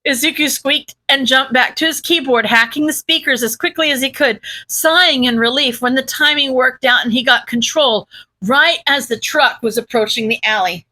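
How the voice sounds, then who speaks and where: A woman narrates a fan-written story in a lively reading style. Her voice is high and bright. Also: normal speed, rough recording. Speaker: audiobook reader. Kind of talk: reading fan fiction aloud.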